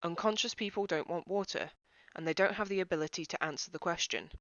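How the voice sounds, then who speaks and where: A woman hosting a cabaret, delivering a brisk, deadpan comic explainer monologue. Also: on the low side, dry recording. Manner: brisk, deadpan explaining with exaggerated quoted voices. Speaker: cabaret host. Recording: dry, dull lo-fi sound.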